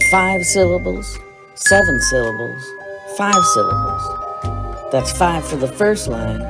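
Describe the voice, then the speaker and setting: An actor playing a patient, laid-back male poetry teacher in an educational cartoon, explaining slowly. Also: on the high side, full character voice. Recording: music playing behind.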